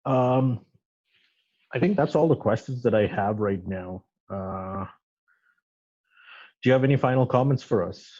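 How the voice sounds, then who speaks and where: Mellow-voiced man hosting an interview. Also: mid-range voice, measured pace, pauses often, highs cut off. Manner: hesitant, many fillers and restarts. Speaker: interview host. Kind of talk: casual interview, rapid-fire questions.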